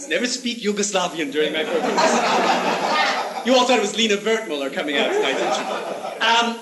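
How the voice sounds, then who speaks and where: A man's voice: sits high, expressive, brisk, over a noisy crowd, heavy background noise. Theatrical campy man with airs. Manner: grandly haughty, mock-aristocratic, theatrical; sprinkles in affected French phrases. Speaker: host of a comedy cable show. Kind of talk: campy comic monologue.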